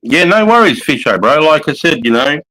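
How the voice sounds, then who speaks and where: A man's voice: a little high, big pitch swings, a little fast, pushed and bright, poor audio. A middle-aged Australian man hosting a livestream from his couch at home, chatting in a casual, sweary way and calling everyone mate. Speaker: livestream host. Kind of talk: casual live chat.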